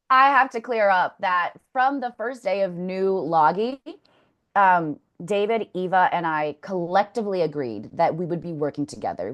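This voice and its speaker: A woman talking candidly as an interview guest, blunt, swearing freely and telling stories with energy. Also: fairly low pitch. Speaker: former contestant, interview guest.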